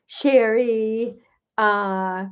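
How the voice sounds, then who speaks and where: Woman, middle-aged, higher voice, gut health coach, livestream host, chatty, effusive, greets viewers by name. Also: fairly even intonation, extremely slow, clean tone.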